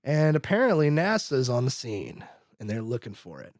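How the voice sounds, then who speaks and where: A man's voice: mid-range voice, no echo, studio quality. A man co-hosting a podcast, casually recapping a film and acting out the characters' lines, laughing as he goes. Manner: animated, acts out characters' lines in quick voices; laughs often, trails off and restarts. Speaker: podcast co-host.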